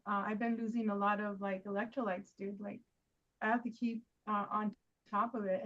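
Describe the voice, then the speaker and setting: A woman's voice: on the high side, a bit bright, highs cut off. A woman hosting a casual chat who rambles and talks straight to her guests. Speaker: host.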